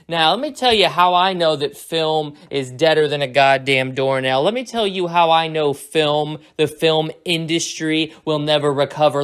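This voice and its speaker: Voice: medium pitch, moderate pace, hardly any pauses, a bit bright, clean tone. Sarcastic, foul-mouthed film review rant. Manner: sarcastic, mocking and heavily profane. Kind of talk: satirical profane rant.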